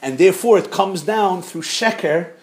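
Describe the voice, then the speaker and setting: A man giving an animated Hasidic Torah class, mixing with Hebrew and Yiddish terms. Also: high-pitched, moderate pace.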